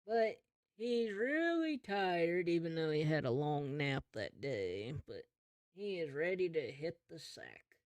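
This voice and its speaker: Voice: medium pitch, big pitch swings, takes it slowly, no echo. A game master narrating a tabletop game in an easygoing, second-person storytelling way.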